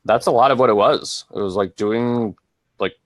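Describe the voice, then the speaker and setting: Low-voiced man in reflective podcast chat. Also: moderate pace, dry recording. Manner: reflective, searching, with many "like" and restarts. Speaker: co-host and transformation coach. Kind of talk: casual podcast conversation.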